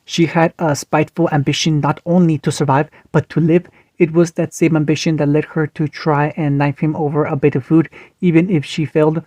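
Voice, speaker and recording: A man reading fan fiction aloud, steady but with small slips and restarts. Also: on the high side, brisk, no echo. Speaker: story reader.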